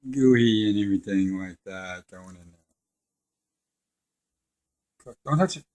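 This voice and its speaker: The man's pitch is fairly low and his pace measured. He's middle-aged, cooking at home with his son near a deep fryer, keeping the conversation casual and animated as he tells a story and laughs often.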